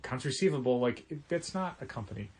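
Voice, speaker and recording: A man co-hosting a relaxed podcast about his comic shop, talking in an easy, chatty way. He tells his stories with animation and slips into the voices of the people he quotes. His voice sits at a middle pitch. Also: fast talker. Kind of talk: casual podcast chat.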